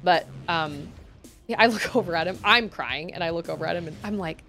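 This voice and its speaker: A woman's voice: on the low side, a little fast, creaky, bright, forceful tone, soft background music. A woman livestreaming a video game, chatting casually and rambling, laughing often. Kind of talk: casual chat while gaming.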